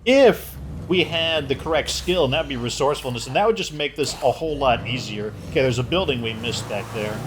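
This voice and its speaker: A man's voice: medium pitch, lively intonation, fairly quick, noisy background. A man giving casual, joking commentary as he plays a video game, thinking aloud. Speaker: gaming channel host.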